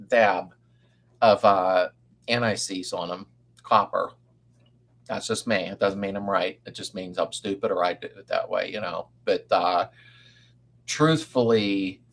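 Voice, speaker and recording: An older man with a lowish, somewhat bright voice hosts a casual livestream. He rambles in a folksy way, answering viewers and greeting them by name.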